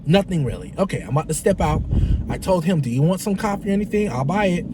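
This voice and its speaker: A man telling a story in a casual vlog, animated and profane, imitating his friend in shifting voices. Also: sits high, quick pace, noisy background. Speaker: vlogger.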